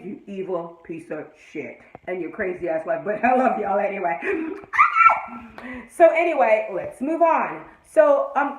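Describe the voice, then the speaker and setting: A woman giving an excited, profane fan review of a TV episode, acting out the scenes and laughing often. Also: medium pitch, phone-quality sound. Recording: echoey room.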